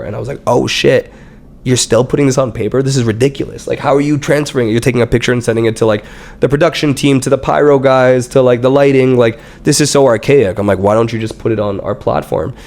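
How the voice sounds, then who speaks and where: A man's voice: medium pitch, fast. A young man, a startup founder on a podcast, chatting casually and acting out what people said to him, with plenty of swearing. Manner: animated storyteller who acts out quotes with lots of swearing. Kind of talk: casual interview chat.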